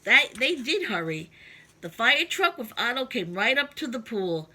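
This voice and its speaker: A woman reads a children's picture book aloud in a bright, sparkling voice. Her pitch swoops up and down with sing-song emphasis, and she sits a little higher than most women. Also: very animated, a little slow. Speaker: storybook reader. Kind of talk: reading a children's story aloud.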